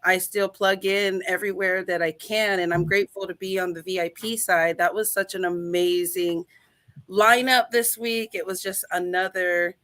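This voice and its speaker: A woman's voice: fairly low pitch, steady tone, moderate pace, a bit bright, no echo. A woman in her thirties speaking earnestly and gratefully as a guest on a video call, her voice rising when she gets emotional. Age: 30s. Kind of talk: heartfelt personal talk on a video call.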